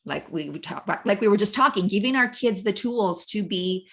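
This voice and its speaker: Gravelly-voiced woman podcast host. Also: mid-range voice, animated, a little fast, a bit bright. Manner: thoughtful, rambling with restarts. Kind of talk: casual interview chat.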